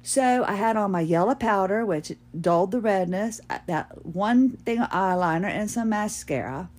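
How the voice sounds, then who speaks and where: A woman's voice: medium pitch, animated, moderate pace, a little mellow. A middle-aged woman, telling rambling, self-deprecating stories on her podcast and laughing at herself. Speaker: podcast host. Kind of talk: casual storytelling monologue.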